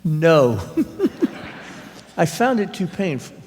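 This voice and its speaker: A man, an author, telling wry, halting family anecdotes at a library author talk. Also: a little high, sing-song, a little mellow, a little hiss or hum. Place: public library event hall. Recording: reverberant hall.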